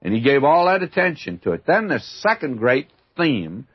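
A man's voice: mid-range voice, sing-song, moderate pace, slightly rough. An older man teaching the Bible in a folksy, emphatic way, calling the listener "my friend". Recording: dull lo-fi archival recording.

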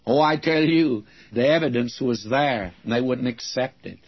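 Older male preacher, husky, folksy and unhurried storyteller, dull lo-fi recording. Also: mid-range voice. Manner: folksy storytelling, mimics voices in anecdotes. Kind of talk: radio Bible-teaching sermon.

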